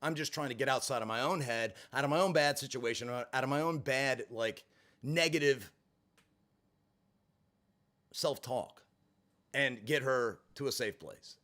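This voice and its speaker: His voice is medium in pitch and a bit slow, with long pauses, as he tells a personal vlog story. It's an expressive, profane monologue with sarcastic asides mixed in.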